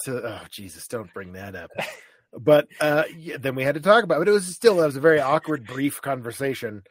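Male podcast co-host, halting storyteller, tight dry sound. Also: mid-range voice, animated, dry recording. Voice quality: hesitant, many restarts and self-deprecating asides. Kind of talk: candid casual chat.

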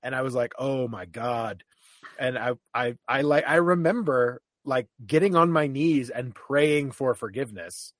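Male podcast co-host, halting storyteller, tight dry sound. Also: medium pitch, a bit bright, no room sound. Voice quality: hesitant, many restarts and self-deprecating asides. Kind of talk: candid casual chat.

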